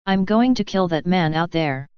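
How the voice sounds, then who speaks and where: A woman voicing a tough but gentle young male soldier in an audiobook, speaking slowly and evenly, on a dull lo-fi recording. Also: on the low side, smooth, dry recording, natural voice.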